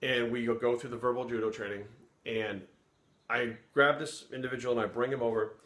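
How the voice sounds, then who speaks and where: A man's voice: mid-range voice, fairly even intonation, fairly quick, fairly bright tone. A middle-aged man from Rhode Island tells a story from his police days, his voice sitting in a mid range. He talks bluntly and casually, with swearing in nearly every sentence. The recording has a noticeable roomy echo. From Providence, Rhode Island. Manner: blunt, heavily profane, conversational. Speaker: former police sergeant telling a story.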